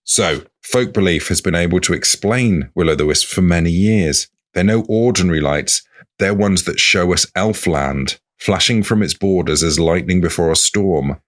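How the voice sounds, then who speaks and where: Deep-voiced man reading folklore aloud. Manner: reads book passages aloud in a playful way. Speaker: podcast co-host. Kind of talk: comic folklore chat.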